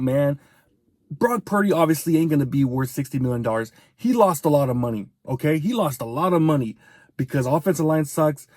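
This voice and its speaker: Man, sports fan rant, profane, heated, fairly high pitch, dry room. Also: darkish tone, dry recording. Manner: profane, fired-up, rapid-fire venting.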